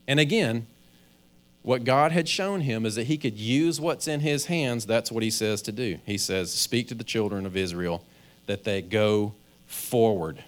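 A man's voice: on the low side, expressive, measured pace. Man preaching in a conversational way. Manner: conversational preaching, acts out inner voices, stammers on restarts. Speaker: pastor. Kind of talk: sermon.

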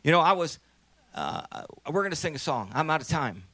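A man in his sixties with a high, bright voice speaks in a folksy, exhorting way. He tells his testimony at a church conference, rising into eager calls to the crowd. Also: very animated, a little fast, dry recording. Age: 60s. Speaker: missionary singer.

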